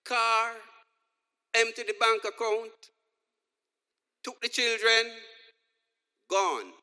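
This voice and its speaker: A man's voice: very high voice, steady tone, very slow, sharp tone, clear, resonant tone. A man preaching a sermon, telling humorous stories and acting out the dialogue. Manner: storytelling with jokes, acting out dialogue. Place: church hall. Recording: long reverb of a large hall.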